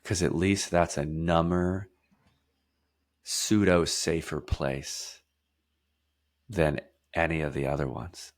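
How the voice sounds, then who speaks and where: A man guest in an interview, explaining emphatically, stacking lists of words and repeating key phrases. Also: fairly even intonation. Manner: drops to a quieter, slower, lower delivery for heavy points. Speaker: podcast guest, somatic therapist.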